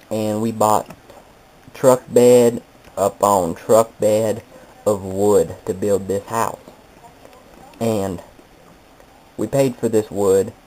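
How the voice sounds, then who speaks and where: A man with a lowish voice delivers a rambling comedic monologue at a very unhurried pace. He wanders, corrects himself mid-story and keeps a mock-nostalgic tone throughout. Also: mellow, slight background noise, poor audio.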